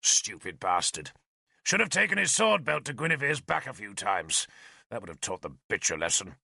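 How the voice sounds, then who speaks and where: A sour, foul-mouthed warrior scoffs and grumbles, as a male audiobook reader puts him on. The tone is bright and sharp, with lively swings in pitch. The sound is dry and close. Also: normal speed, creaky, husky, no room sound, exaggerated voice. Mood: sneering. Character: sour, crude wounded warrior, mocking and blunt.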